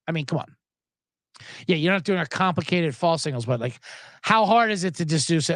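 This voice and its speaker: Animated, high-voiced male sports host. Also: brisk, pauses often, no room sound, clean studio sound. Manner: animated, jokey, rambling. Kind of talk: casual sports talk.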